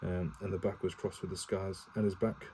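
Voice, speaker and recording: Low, mellow man reading a novel aloud. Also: little pitch movement, normal speed, slight background noise, rough recording. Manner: stumbling, self-correcting reading with swearing asides, no character voices. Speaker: reader reading a novel aloud to his partner. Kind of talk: casual read-aloud of a novel.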